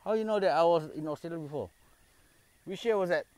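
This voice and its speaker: A man's voice: a little high, fast talker, a little mellow, no room sound. A man with a Singaporean English accent talks on a casual live stream from a park at night. He jokes and banters freely, dropping Malay phrases into his easygoing chatter. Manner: jokey, banters with spirits, mixes in Malay phrases. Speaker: paranormal explorer live-streaming. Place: dark park outdoors at night.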